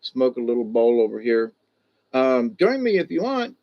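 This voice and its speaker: A man's voice: medium pitch, big pitch swings, moderate pace, highs cut off. A man hosting a casual livestream, rambling in a loose, folksy way and greeting viewers by name. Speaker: livestream host.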